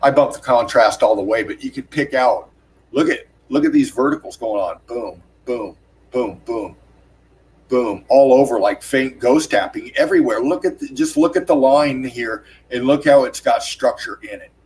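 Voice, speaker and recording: A man hosting his own channel, urgently narrating over on-screen footage, swearing often and repeating his words as he points out details to his viewers. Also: darkish tone. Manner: urgent, profane, repeats "look at this" constantly; rapid emphatic pointing words like "bam" and "boom". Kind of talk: excited on-screen analysis commentary.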